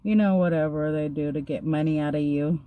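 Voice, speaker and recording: A young woman vlogger tells a story in a chatty, slangy way while getting ready, animatedly acting out the people she quotes. Her voice sits low and moves a little fast, and the audio is narrow and tinny.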